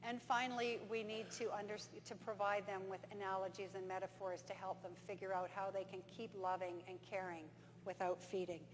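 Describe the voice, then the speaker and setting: A woman giving a conference talk, telling stories and acting out dialogue in an animated way. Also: medium pitch, fairly quick. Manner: animated storyteller, acts out dialogue. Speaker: conference presenter. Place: conference hall. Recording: reverberant hall with faint hum.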